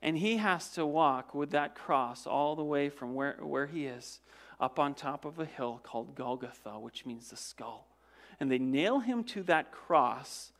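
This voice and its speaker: A pastor preaching a sermon, retelling events dramatically. He repeats words as he goes, asks the congregation rhetorical questions, and swings from loud emphasis to hushed, low passages. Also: lively intonation, a little slow, vocal fry. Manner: dramatic storytelling with frequent word repetitions and restarts.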